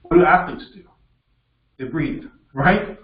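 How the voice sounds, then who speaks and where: A piano teacher leads a masterclass in an indoor music studio, coaching a student encouragingly and frequently checking in with "okay?". His voice is slightly high and a little slow, and the recording sounds distant, roomy and dull, with the piano in the background.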